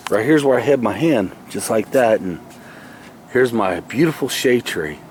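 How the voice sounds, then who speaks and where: Sitting in a tree's shade, a man records himself on a camera he holds, spinning a rambling, folksy yarn about his past and fixing his own words. He's animated at a moderate pace, with a medium-pitched, darkish voice and slight background noise.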